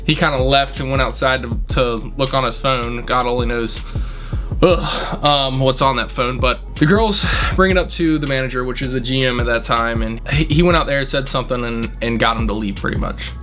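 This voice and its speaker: A man's voice: mid-range voice, normal speed, a bit bright, faint music behind. A young man, a restaurant manager, telling a story in a blunt, indignant, casual way and swearing freely.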